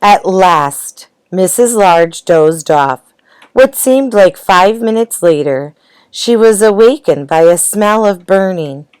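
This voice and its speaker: A woman reading a picture book aloud in a gentle, expressive way. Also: medium pitch, takes it slowly, clean tone, no room sound. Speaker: storybook reader.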